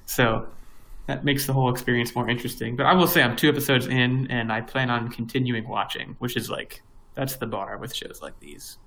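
A young podcast co-host's mid-range, creaky voice comes across steady, fairly bright and a little fast as he chats casually, rambling with many fillers and restarts. The low-quality recording carries a bit of hiss or hum.

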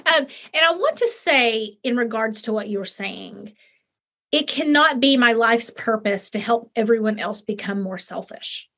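A woman with a fairly high voice hosts a podcast and talks earnestly and with emphasis. Her voice has a dull, lo-fi sound from a video call. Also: lively intonation, unhurried, a bit bright. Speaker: podcast host. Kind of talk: casual podcast conversation.

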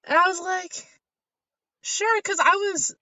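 A young woman co-hosting a podcast tells a rambling story in casual conversation, laughing often. Her slightly high, fairly bright voice is expressive and unhurried, in slightly dull, dry lo-fi audio with no echo.

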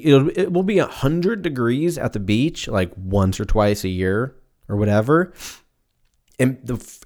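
A young man in his twenties hosts a solo comedy podcast, his voice medium in pitch and a little mellow as he rambles through profane tangents.

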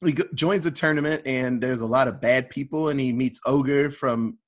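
A man's voice: mid-range voice, normal speed. A man hosting a casual movie podcast, talking loosely and rambling with plenty of fillers and swearing. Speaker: podcast host.

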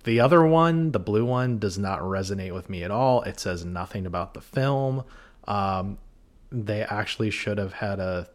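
Jokey low-voiced man chatting. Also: lively intonation, normal speed. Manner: jokey, rambling, many fillers. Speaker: podcast co-host. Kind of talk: casual chat.

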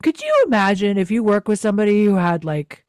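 A young woman co-hosting a casual podcast, recapping a TV episode in an animated, exasperated way, with lots of "like". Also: medium pitch, brisk, no room sound, studio quality. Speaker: podcast co-host.

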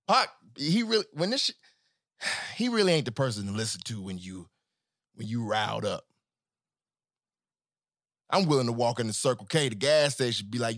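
A man hosting a podcast in a casual solo monologue, profane and animated, swinging between joking and earnest talk. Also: mid-range voice, normal speed, pauses often, no echo, clean studio sound. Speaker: podcast host.

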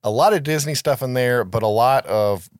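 Male podcast co-host, mid-pitched, loose rambling delivery full of fillers and cursing. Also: moderate pace, no echo, studio quality. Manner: rambling, swears freely, lots of "like" and "right?". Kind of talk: casual podcast chat about a film.

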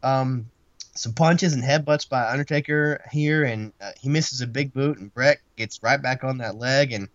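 A man's voice: medium pitch, normal speed, a bit bright, no room sound, lo-fi sound. A man co-hosting a podcast, giving a casual, rambling play-by-play recap of a wrestling match and laughing often. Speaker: podcast co-host.

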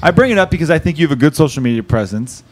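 A man's voice: on the high side, animated. A man hosting a podcast, joking and teasing his guests in casual banter. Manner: joking, teasing, quick to apologize. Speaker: podcast host.

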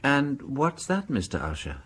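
An actor playing a calm, shrewd priest detective with an English accent, who asks mild, probing questions in a radio drama. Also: male voice, mid-range voice, unhurried, husky, exaggerated voice. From England.

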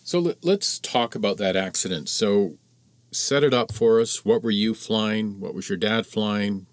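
A man's voice: on the low side, unhurried, dry recording. A man hosting a podcast interview, asking questions and encouraging the guest with short affirmations. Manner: encouraging, with many brief affirmations. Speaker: podcast host.

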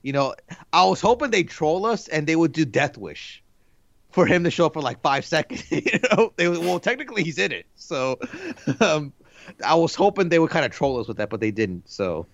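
A man's voice: a little high, big pitch swings, normal speed, dry recording, highs cut off. A man in his thirties co-hosting a podcast, chatting casually in a rambling, laid-back way full of fillers. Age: 30s. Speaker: podcast co-host. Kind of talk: casual chat.

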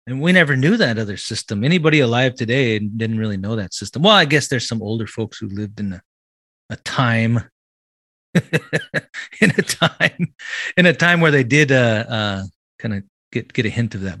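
A man co-hosting a podcast in a laid-back, casual chat, repeating his words and trailing off quietly. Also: mid-range voice, animated, normal speed, no room sound, clean studio sound. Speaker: podcast co-host.

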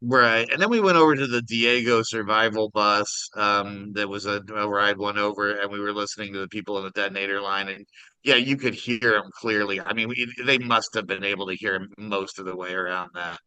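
A man's voice: lowish voice, steady tone, brisk, bright, forceful tone, clean tone, no room sound, rough recording. A middle-aged man co-hosting a casual podcast over a video call, telling a story animatedly and acting out the voices in it. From Minnesota. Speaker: podcast co-host.

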